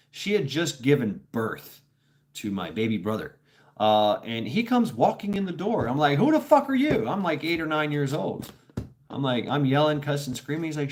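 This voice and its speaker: A man of middle pitch from Tennessee talks loosely to his livestream viewers. He rambles and stops to restart his sentences, swearing freely in a blunt, off-the-cuff manner. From Tennessee, USA. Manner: rambling, blunt and profane, many fillers. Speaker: livestream host. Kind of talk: casual livestream storytelling.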